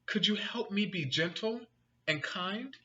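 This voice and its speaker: Earnest, clumsy young storybook dragon, read by a man with a raised, bright tone. Dull lo-fi recording. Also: sits high, unhurried, pitched above the performer's own voice. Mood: pleading. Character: big clumsy young dragon, rough but sweet-hearted.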